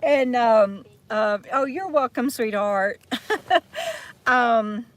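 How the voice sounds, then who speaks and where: Sitting outdoors in the shade beside an RV, a Texan woman hosts a live chat as a vlogger, talking into a handheld phone. Her fairly high voice is animated but extremely slow, and she rambles casually, laughing often.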